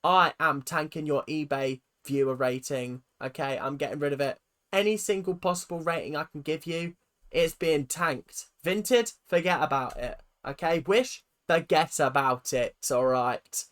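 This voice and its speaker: A woman with a British accent hosting a reaction video, ranting in an animated, sarcastic and exasperated way. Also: deep voice, unhurried.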